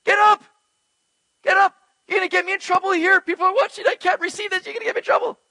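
A man's voice: extremely high pitch, steady tone, creaky, sharp tone, voice pushed up, full character voice. A man voicing a flustered male angel who urgently hurries someone to get up. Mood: frantic. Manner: urgent, rushed, emphatic commands.

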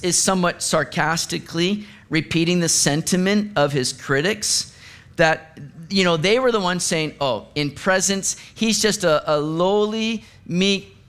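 Male pastor, higher-pitched voice, chatty sermon delivery with playful acted asides. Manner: conversational, animated preaching with acted asides.

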